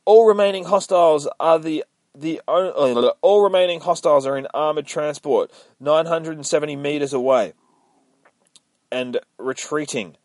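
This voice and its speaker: A man's voice: fairly high pitch, moderate pace, a little mellow, no echo, pitched above the performer's own voice, close to an everyday voice. A man voicing the male AI of a combat armor suit, giving clipped military status reports. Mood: reporting.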